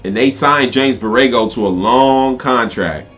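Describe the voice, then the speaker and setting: A man hosting a casual live stream, reacting to a game and reading viewer comments aloud, animated and talkative. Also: medium pitch, measured pace, soft background music.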